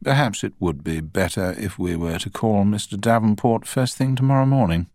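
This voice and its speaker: A man voicing a measured older male judge who speaks with dry, formal authority. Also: lowish voice, darkish tone, no echo, voice pushed up, lightly acted. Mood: judicial.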